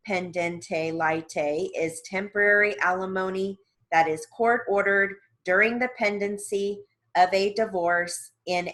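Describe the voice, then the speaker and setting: Woman, lowish voice, slow and deliberate steno dictation reader, crisp enunciation. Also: fairly bright tone. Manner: measured, deliberate, clearly enunciated reading. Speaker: dictation reader for court reporters. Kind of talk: steno dictation practice reading.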